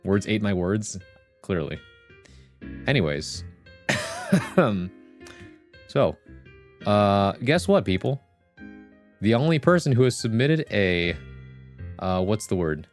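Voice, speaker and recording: A man's voice: on the low side, very animated, takes it slowly, long pauses, soft background music. A man streaming live, chatting casually with his viewers in a rambling, jokey way and laughing often. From Vietnamese heritage. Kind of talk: casual livestream chat.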